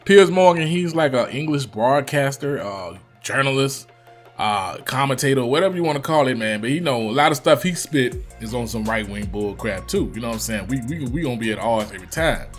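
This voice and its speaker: A man's voice: medium pitch, animated, brisk, soft background music. A man with a Virginia accent giving loose, slangy reaction commentary, swearing freely. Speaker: reaction youtuber.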